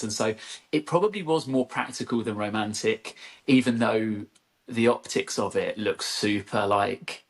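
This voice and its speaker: A man's voice: fairly low pitch, normal speed. A young man, a guest on an interview podcast, telling stories in a chatty way with lots of fillers and restarts. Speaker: podcast guest, social media influencer. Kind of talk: casual interview chat.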